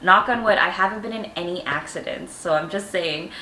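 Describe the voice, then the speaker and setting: A woman's voice: on the low side, brisk, roomy sound, heavy background noise. A woman in her twenties telling funny personal stories at home in casual vlog chat, candid and self-mocking, laughing often. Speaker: vlogger.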